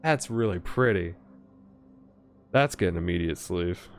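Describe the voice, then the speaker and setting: Excitable young man opening card packs. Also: sits low. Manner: excitable, reads card text aloud quickly, gasps and laughs often. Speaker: card pack opening streamer. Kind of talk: casual commentary while opening card packs.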